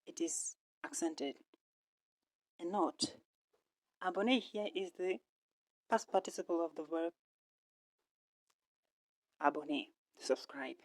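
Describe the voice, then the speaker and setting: A woman's voice: lowish voice, no room sound. A woman teaching a French lesson online. She speaks with a French accent and explains each rule step by step, often checking in with "right?".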